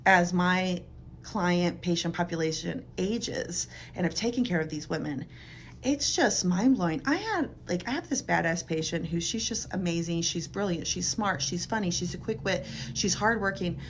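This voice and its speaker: A woman's voice: lowish voice, a little hiss or hum. A middle-aged woman, a physical therapist, talking casually and earnestly to camera in a chatty, emphatic way.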